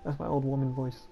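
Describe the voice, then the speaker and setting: A woman giving casual, chatty commentary as she plays through a game, with quick self-deprecating asides. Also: extremely low pitch, vocal fry, dull audio. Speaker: gameplay commentator.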